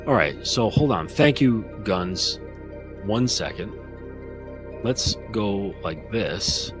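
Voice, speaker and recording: Blunt, slow-talking male coach over music. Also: lowish voice, lively intonation. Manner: slow, deliberate, blunt with casual swearing. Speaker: men's coach. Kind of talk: livestream coaching talk.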